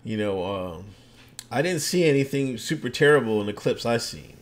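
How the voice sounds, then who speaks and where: A man chatting on his livestream podcast, his pitch swinging widely as he jokes through the viewers' comments. He laughs often and slips in sarcastic asides, with a loose, casual delivery at a middling pitch. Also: expressive, moderate pace.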